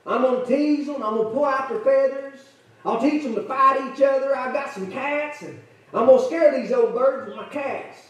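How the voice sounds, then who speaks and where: A man's voice: very high-pitched, normal speed, pitched above the performer's own voice. A man voicing a young, mischievous, mean boy who talks in a boastful drawl. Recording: echoey church from far off.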